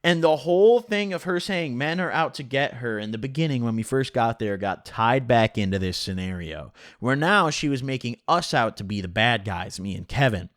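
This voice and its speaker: A man's voice: mid-range voice, moderate pace, hardly any pauses, no echo. Guy doing a storytime vlog, cursing a lot, voice jumps all over, dead dry room. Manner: animated, heavy swearing and filler "like". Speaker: storytelling vlogger.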